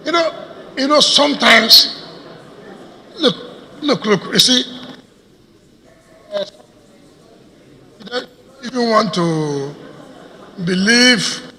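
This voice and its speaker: A man's voice: extremely high pitch, animated, takes it slowly, pauses often, pushed and bright, slight background noise. A man with a Nigerian accent, a state governor making a combative public address to stakeholders, firing off rhetorical questions. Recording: reverberant hall.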